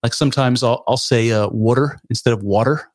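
An American man with a General American accent, a podcast guest talking casually and searching for words with many pauses. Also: medium pitch, dry recording. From United States. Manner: hesitant, many ums and restarts, searching for words. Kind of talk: casual conversation.

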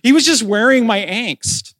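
A man's voice: extremely high pitch, animated, unhurried, fairly bright tone, no room sound. A middle-aged man, a pastor, telling his story in a sermon, acting out conversations with self-deprecating humor. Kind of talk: sermon testimony.

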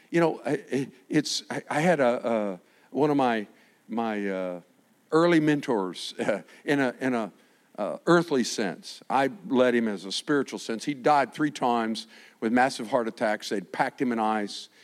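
An older man, a pastor, preaching a sermon with animated storytelling and frequent restarts. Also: medium pitch.

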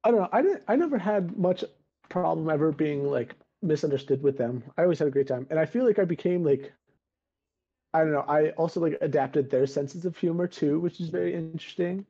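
A young man chats on a podcast over a video call, drifting through stories and laughing at himself. His voice is very dark and mellow. The call audio comes through dull and lo-fi. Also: on the high side, a little fast, breathy edge. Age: young adult. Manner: rambling storyteller, laughs at himself. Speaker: podcast co-host. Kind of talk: casual chat.

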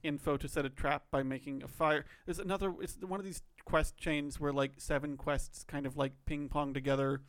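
Podcast co-host, male, slightly high voice, thoughtful and rambling. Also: fairly even intonation, moderate pace, hardly any pauses, fairly bright tone. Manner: thoughtful, musing, many "like" fillers. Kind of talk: casual chat.

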